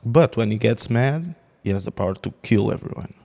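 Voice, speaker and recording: A man's voice: fairly low pitch, lively intonation, brisk, creaky, dark tone. A man in a casual game commentary, rambling with many restarts and laughing at his own jokes. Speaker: gaming video creator.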